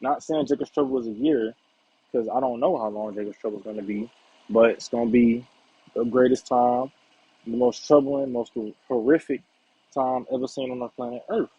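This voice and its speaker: A man with a mellow, husky voice gives a relaxed scripture lesson. He talks in a loose, conversational way and keeps checking in with his listeners. The sound is dry and a bit muffled and lo-fi. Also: medium pitch, normal speed, dry recording. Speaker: Bible teacher. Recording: dull lo-fi recording.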